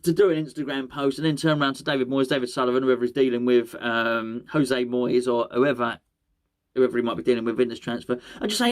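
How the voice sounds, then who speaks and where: A man's voice: medium pitch, quick pace. A man hosting a football podcast, talking casually on his own, rambling and correcting himself as he goes. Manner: rambling, self-correcting, repeats words. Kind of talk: casual solo football chat.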